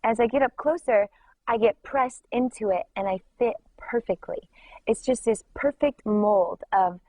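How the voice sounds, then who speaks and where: A woman's voice: a little high, unhurried, a little mellow, dry recording, poor audio. A young woman giving an emotional personal testimony, talking earnestly and filling her story with "like". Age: young adult. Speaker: worship leader giving a testimony.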